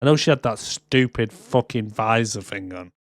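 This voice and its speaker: A man's voice: on the low side, moderate pace, no room sound. Sarcastic man, casual podcast chat. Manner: sarcastic, swears often, acts out scenes in quotes. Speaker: podcast co-host. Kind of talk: casual movie review chat.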